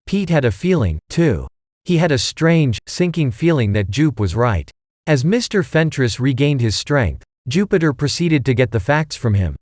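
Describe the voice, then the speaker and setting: A man narrating an audiobook in an expressive storytelling manner. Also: mid-range voice, dry recording, clean studio sound. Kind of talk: scripted narration.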